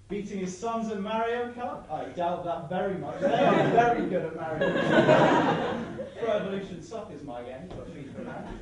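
A young man doing sardonic, rambling stand-up comedy at a student debating society, swearing freely and laughing at his own jokes, heard from a distance in an echoey hall over loud audience laughter. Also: sits high, expressive, moderate pace, very noisy. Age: young adult. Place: large hall with live audience.

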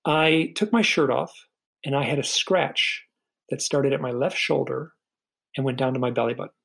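A middle-aged man, a podcast guest, telling a personal story in an earnest, halting way, often repeating a word as he starts a sentence. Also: medium pitch, steady tone, vocal fry, a bit bright, breathy edge, low-quality recording.

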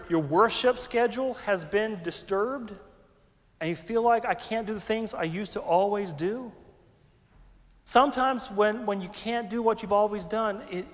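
A man, a pastor preaching a conversational, animated sermon with folksy asides. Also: high voice. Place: large church sanctuary. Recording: long hall reverb.

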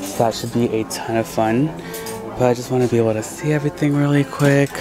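A man chatting casually as a vlogger out thrift shopping, excitable and full of "like". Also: medium pitch, fast talker. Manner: excitable, chatty, heavy use of "like". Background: background music.

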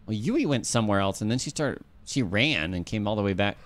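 A man's voice: lowish voice, lively intonation, fairly quick. A man streaming a ghost-hunting game, chatting casually and calling out to the ghost and his teammate. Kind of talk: casual gameplay chat.

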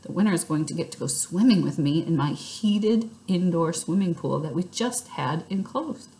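A woman's voice: on the low side, animated, moderate pace, mellow, rough recording. A woman voicing a vain, bossy little rich girl in a storybook reading, in a gushing, showy manner.

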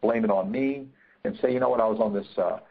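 This webinar features a negotiation trainer who talks fast in a husky, medium-pitched voice. He hammers home his key points again and again, leans heavily on fillers, and comes through a thin, phone-like connection.

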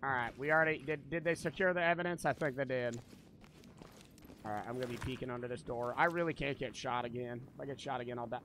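A man's voice: medium pitch, fast, noisy background. A young man streaming a tactical shooter, chatting and joking with a lot of swearing. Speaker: gaming streamer. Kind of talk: live gameplay commentary.

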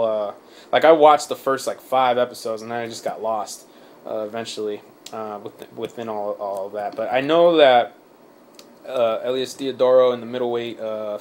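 A man's voice: medium pitch, slight background noise. A man hosting a casual sports podcast, rambling with many fillers, swearing and laughing often. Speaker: podcast host. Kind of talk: casual chat.

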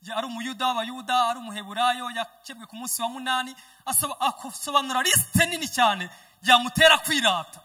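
A male evangelist preaching a sermon in short emphatic bursts, pausing for an interpreter. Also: extremely high pitch, pushed and bright. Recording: long church hall reverb.

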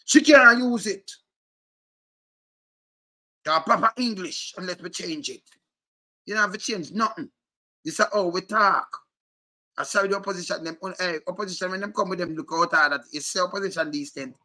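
A middle-aged man with a strong Jamaican accent delivers a heated rant, slipping between Patois and English. His voice sits high and rings sharp and tense. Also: brisk. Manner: animated, repetitive, mixes Patois and English. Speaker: commentator.

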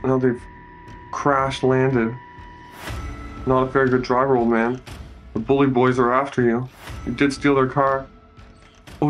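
A man with an ordinary, medium-pitched voice gives a casual, improvised movie recap, joking and commenting on each scene as it unfolds. Soft music plays faintly behind him.

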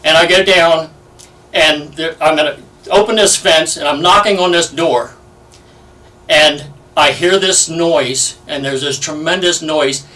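Older guy in his 70s telling his old navy stories, kinda sharp bright voice, sitting back from the mic. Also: a little high, a little slow. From United States. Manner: lively anecdotal storyteller, many fillers. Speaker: Navy veteran interviewee. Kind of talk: oral history interview. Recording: distant from the mic.

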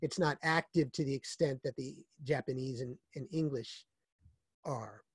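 A man being interviewed as an author, speaking in a measured, explanatory way that often restarts phrases. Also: mid-range voice, breathy edge, no echo. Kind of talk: conversational interview.

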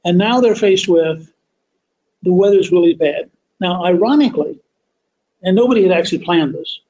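A man hosting a podcast, telling a history story as a deliberate, emphatic monologue that stretches key words. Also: high-pitched, a little mellow, dull audio. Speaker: podcast host.

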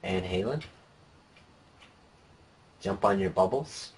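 A man's voice: sits low, lively intonation, slow. A man co-hosting a let's play, making dry, laid-back jokes while he plays. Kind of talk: casual gameplay chat.

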